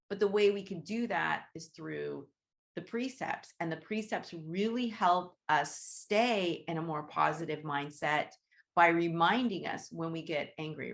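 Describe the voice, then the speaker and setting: A woman with a lowish, fairly bright voice and some vocal fry hosts a casual group Reiki session over a video call. She talks conversationally, often checks in with "right?", and acts out her inner thoughts.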